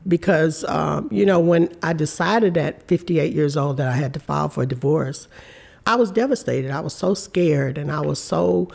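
Earnest woman in her fifties, gravelly edge. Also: deep voice. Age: 50s. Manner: warm, earnest storytelling with reported speech. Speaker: interview guest. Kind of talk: candid conversational interview.

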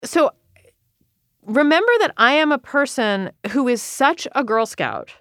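A woman in her thirties, an author, talking candidly in an interview, earnest and quick with frequent restarts. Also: high voice, animated, fairly bright tone, no echo, studio quality. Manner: earnest, rushed, many restarts and quoted self-talk.

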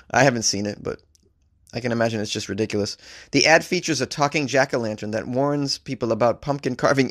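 A man reads strange news items out loud and comments on each one. He is sarcastic and rambling, with a casual swear here and there. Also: mid-range voice. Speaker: host reading and reacting to news stories. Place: staying in a hotel abroad.

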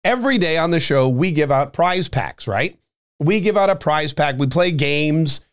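A man's voice: a little high, expressive, moderate pace. A man hosting a podcast, talking casually in a rambling monologue full of fillers and restarts. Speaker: podcast and radio host.

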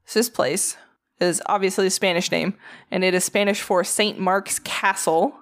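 A woman's voice: mid-range voice, steady tone, normal speed. A tired woman with a Southern accent, co-hosting a casual podcast, reading facts with swearing and jokes and tripping over names. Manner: profane, joking, stumbles over names. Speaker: podcast co-host.

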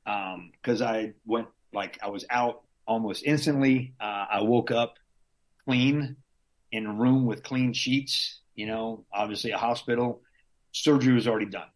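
A man's voice: mid-range voice, unhurried. Laid-back slangy male veteran. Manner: laid-back, slangy, drops in curses and chuckles. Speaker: army veteran guest. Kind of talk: casual storytelling.

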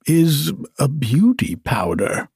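A man voicing a fretful old male wizard, speaking in a slow, raised, pleading way. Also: on the high side, very animated, darkish tone, breathy edge, dry recording, studio quality, exaggerated voice.

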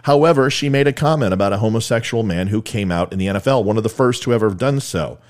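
A man hosts a political commentary talk show in a blunt, opinionated, informal way. His voice is somewhat low, and he speaks directly to his audience. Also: quick pace, a little mellow. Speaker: podcast host.

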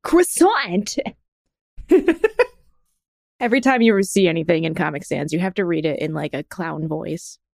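A woman's voice: low voice, a little fast, vocal fry, hardly any pauses, darkish tone, no room sound. A young adult woman co-hosting a podcast, chatting casually with playful, teasing banter. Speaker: podcast co-host. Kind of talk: casual chat.

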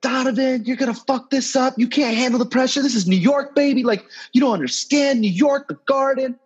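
A man retelling a story puts on a brash courtside heckler, his voice jumping high above his normal talk as he jeers at a player. The sound is a little dull and lo-fi, and the taunts come at full volume. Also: a little fast, slightly rough. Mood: taunting. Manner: taunting, trash-talking. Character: loud heckling male courtside sports fan.

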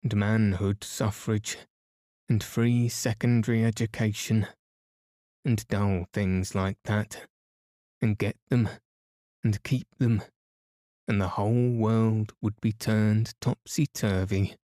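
A man's voice: lowish voice, steady tone, slow, mellow, dry recording, clean studio sound. A man voicing a grumpy, tired old sand fairy in a storybook, fretful and complaining.

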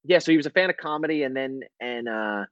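A man's voice: medium pitch, lively intonation, quick pace, fairly bright tone, no echo, muffled recording. A man, a comedian and podcast co-host, telling a story in casual chat, acting out both sides and laughing often.

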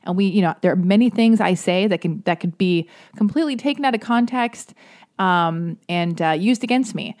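A woman in her thirties hosting her podcast, chatting in a bubbly, rambling way and sounding highly caffeinated, like a self-described Valley girl. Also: moderate pace, a little mellow. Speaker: podcast host. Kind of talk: casual podcast intro.

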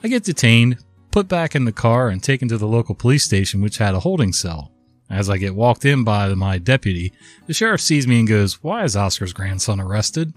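A man's voice: lowish voice, expressive, fairly quick, soft background music. Worn-out man in his fifties telling a story. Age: 50s. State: worn out from a cold. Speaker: story narrator. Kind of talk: casual story narration.

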